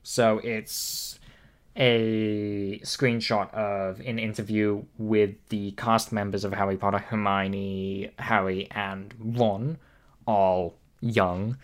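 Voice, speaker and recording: A man with a fairly low voice chatting on a casual friends' podcast, rambling through stories with lots of fillers and casual swearing. He talks into a computer mic over a voice call from home. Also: flat delivery, slow. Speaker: podcast co-host. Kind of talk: casual chat.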